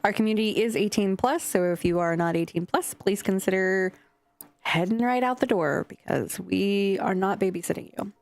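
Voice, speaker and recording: A woman's voice: mid-range voice, moderate pace, gravelly, no room sound. A young adult woman streamer chatting casually and scatteredly with her chat, swearing now and then. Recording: faint music behind.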